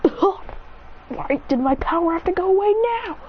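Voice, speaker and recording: A woman's voice: very high voice, animated, normal speed, lo-fi sound, noisy background, pitched above the performer's own voice. A woman voicing a hot-tempered young man who has lost his fire powers, swearing in frustrated outbursts.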